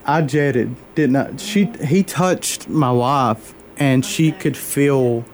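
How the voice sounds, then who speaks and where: A man as an interview guest, telling a personal faith story in an earnest, halting way, openly moved. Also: medium pitch, slight background noise. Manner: earnest, halting, many fillers and restarts.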